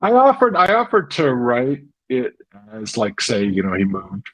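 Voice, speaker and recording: A man's voice: medium pitch, wildly swooping pitch, a little slow, no room sound, rough recording. A middle-aged man talking earnestly in an interview, telling his story with many restarts. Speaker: interview guest. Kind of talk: casual interview chat.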